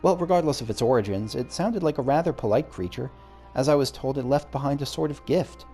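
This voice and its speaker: A man's voice: mid-range voice, brisk, dark tone, faint music behind, lightly acted. A man reading as a courteous old-world scholar. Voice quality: formal, courteous. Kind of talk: reading game dialogue aloud.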